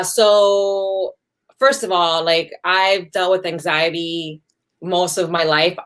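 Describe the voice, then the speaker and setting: A woman speaks as a guest over a video call, with a voice a touch low. She talks earnestly and emphatically and acts out the voices she quotes. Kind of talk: earnest personal talk.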